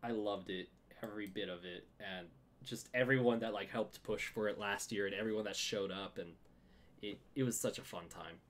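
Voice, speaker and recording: A man hosting a casual podcast, animated and laughing a lot, often restarting words and saying "like". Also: fairly low pitch, moderate pace. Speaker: podcast host. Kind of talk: casual chat.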